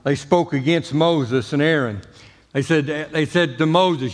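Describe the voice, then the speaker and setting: A man's voice: a little high, unhurried, big-room sound. A man preaching a sermon as pastor, talking in a folksy, emphatic way with jokes. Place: church sanctuary.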